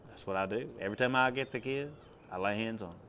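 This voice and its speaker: Talking fast in a voice on the low side, a preacher delivers his testimony in a sermon over a little hiss or hum. His storytelling is plain and drawling and climbs to loud commands.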